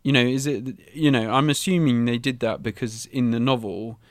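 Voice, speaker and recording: A man's voice: mid-range voice, fairly even intonation, normal speed, no echo, clean studio sound. A young man co-hosting a podcast, chatting casually and steering the discussion with firm opinions. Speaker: podcast co-host. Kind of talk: casual chat.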